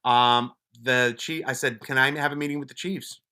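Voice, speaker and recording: A man with a bright, forward voice tells stories in a casual, offhand way. He is blunt and swears freely, often breaking off and restarting sentences mid-thought. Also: medium pitch, steady tone, normal speed, clean tone. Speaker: podcast guest, police officer and wellness advocate. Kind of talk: casual storytelling.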